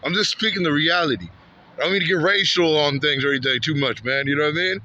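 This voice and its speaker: Fast-talking and fairly high-pitched, this Santa Ana, California vlogger tells a story outdoors on a street with a bright, forceful tone. The recording cuts off the highs and has slight background noise. It's a rambling, repetitive, heated walking-vlog tale peppered with "man" and "bro" line endings.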